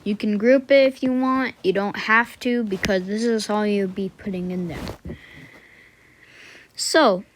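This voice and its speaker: A woman talks through a screen-recorded coding lesson at an easy, slow pace, in a voice of ordinary middle pitch. She thinks aloud with fillers and quick self-corrections. She drops quiet muttered asides to herself into the lesson. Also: fairly even intonation, slight background noise. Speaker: tutorial maker.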